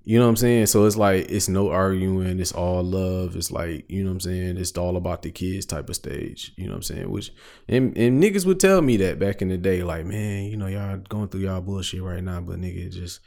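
A man's voice: sits low, brisk, gravelly, darkish tone. A man co-hosting a podcast in a laid-back way, laughing often and answering with short agreements. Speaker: podcast co-host. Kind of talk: casual chat.

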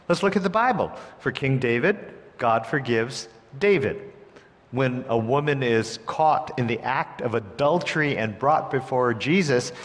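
A man preaching a sermon, with an expressive delivery that swings between hushed, gentle lines and emphatic ones. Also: medium pitch. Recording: long hall reverb.

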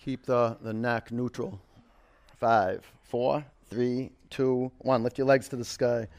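A man's voice: mid-range voice, fairly even intonation, takes it slowly, vocal fry, darkish tone. A man leading a live yoga class, calling out counts and motivating cues, with casual storytelling asides. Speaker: yoga instructor.

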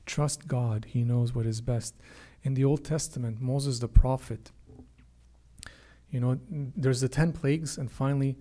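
A man's voice: mid-range voice, steady tone, measured pace, mellow. A man preaching a sermon with earnest emphasis, often repeating his words and lifting his voice for quoted prayers. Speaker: priest.

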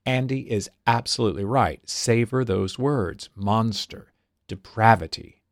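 A man reading out the deadpan lines of a famous male composer. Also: fairly low pitch, measured pace, no echo, studio quality.

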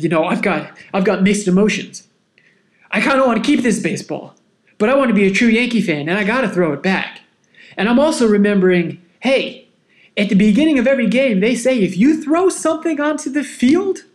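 A man hosting a podcast, telling a personal story in a casual, animated, self-mocking way. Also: high-pitched. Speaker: podcast host.

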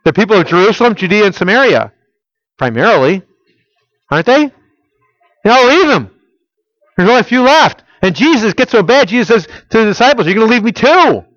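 Preaching man, swings loud to hushed. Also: high voice, very animated, brisk, long pauses, dry recording, lo-fi sound. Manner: asks the audience rhetorical questions; swings between loud and hushed, intimate tones. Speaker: pastor. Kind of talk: sermon.

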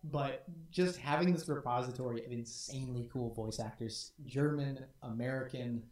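A man's voice: mid-range voice, fairly even intonation, moderate pace, few pauses. A man co-hosting a community stream, talking casually and enthusiastically with many restarts. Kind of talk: casual chat. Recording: echoey room.

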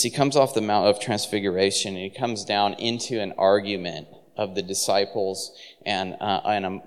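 A man preaching a sermon in a relaxed, conversational way, full of fillers and restarts. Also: lowish voice, in a large hall. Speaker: pastor.

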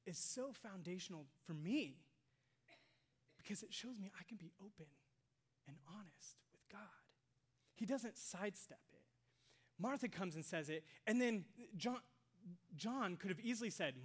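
A pastor preaching a sermon to a congregation, swinging between loud emphasis and hushed near-whispers and asking rhetorical questions. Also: mid-range voice, animated, normal speed, breathy edge. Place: church sanctuary with congregation.

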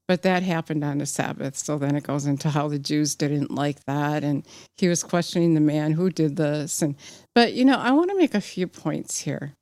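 A woman's voice: low-pitched, moderate pace, a little mellow, no echo. A woman giving a fervent personal sermon, exhorting her listeners and reading scripture aloud with some slips. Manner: fervent, exhorting, rising to emphatic peaks. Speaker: preacher.

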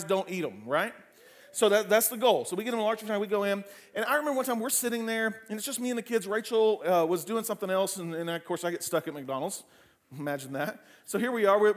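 A male pastor preaching a sermon, telling family stories with humor and lively asides. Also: high-pitched. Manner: frequent fillers and restarts in anecdotes.

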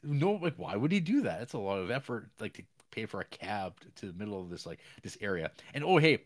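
A man co-hosting a podcast, recapping a series in a rambling, animated way with many fillers and squeaky put-on voices for characters. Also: brisk. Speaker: podcast co-host. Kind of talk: casual film recap chat.

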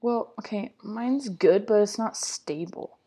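A woman's voice: medium pitch, slow, dark tone, breathy edge. A young woman co-hosting a podcast, chatting casually and teasing her friend in a playful way. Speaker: podcast co-host. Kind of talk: casual chat.

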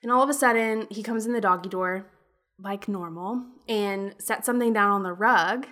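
A young woman hosting a casual podcast chat, telling stories in a lively, animated way. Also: medium pitch, moderate pace. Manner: lively storyteller, animated retellings. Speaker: podcast host.

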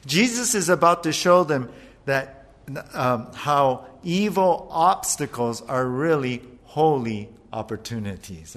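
A man preaching a sermon as pastor, animated, acting out voices as he retells a passage. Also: mid-range voice. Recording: long hall reverb.

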